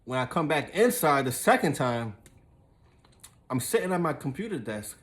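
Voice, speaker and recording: A young man in a relaxed, unscripted storytelling mood, swearing freely and circling back with lots of fillers. His pitch sits at an ordinary middle level for a man. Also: moderate pace. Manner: loose and profane, with frequent fillers and laughs. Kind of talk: casual storytelling.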